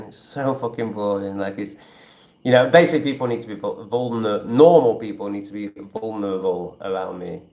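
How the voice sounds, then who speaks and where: A man talks in a rambling, blunt way and swears freely while chatting on a casual livestream and reading out viewer comments. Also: lowish voice. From England. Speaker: travel vlogger.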